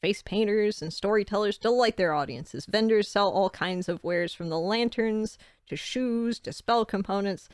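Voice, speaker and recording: A woman's voice: mid-range voice, normal speed, few pauses, dry recording, clean studio sound. A woman narrating a tabletop game as game master in a chatty, loosely improvised way.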